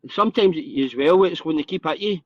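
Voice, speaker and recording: A man hosting a casual live podcast chat, blunt and sweary but warm and open. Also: fairly high pitch, lively intonation, quick pace, no room sound, lo-fi sound. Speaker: host.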